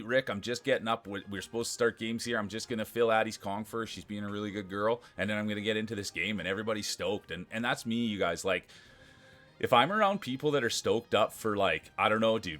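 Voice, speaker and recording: A man streaming live, chatting casually and excitedly with his viewers and thanking them by name. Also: lowish voice. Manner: excitable, talks straight to chat.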